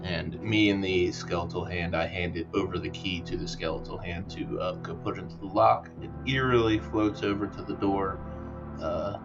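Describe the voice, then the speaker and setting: A male player in a tabletop game with a low voice, talking in a deliberate, hesitant way. The recording sounds slightly dull, and guitar music plays behind him. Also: steady tone. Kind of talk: casual tabletop game talk.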